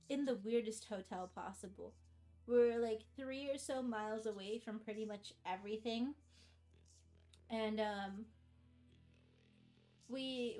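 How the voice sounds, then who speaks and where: A woman's voice: a little high, a little mellow. A young American woman streaming, rambling through a travel story in casual chat, self-mocking and acting out quotes. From United States.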